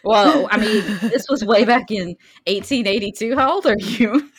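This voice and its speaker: On a podcast she co-hosts, a woman with a Southern accent speaks in a medium-pitched, slightly breathy voice at a moderate pace. She reads out research casually, laughs easily, and stumbles on hard words.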